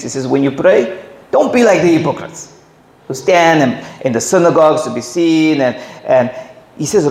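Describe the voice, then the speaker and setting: A man preaching a sermon, slow and emphatic, who jumps high when he acts out quotes. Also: lively intonation, darkish tone. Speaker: pastor. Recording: echoey hall, faint ambience.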